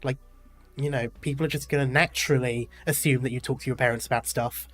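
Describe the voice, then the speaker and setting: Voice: mid-range voice, fairly even intonation, fast talker, soft background music. A gaming streamer reading a game's story aloud, with casual, chatty asides.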